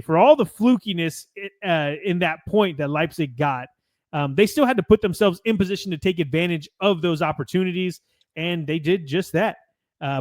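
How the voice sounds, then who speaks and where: With a high, slightly mellow voice, this American podcast co-host chats loosely about sports, wandering a bit as he reads out match notes and cursing now and then. The sound is clean studio audio without any echo.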